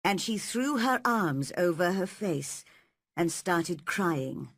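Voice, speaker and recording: A woman reading a story aloud at a slow, careful pace for learners. Her voice rises and falls freely with a slightly husky edge, recorded close and dry. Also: lowish voice, lively intonation, dry recording. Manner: slow and clearly paced. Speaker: narrator. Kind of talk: slow scripted narration for learners.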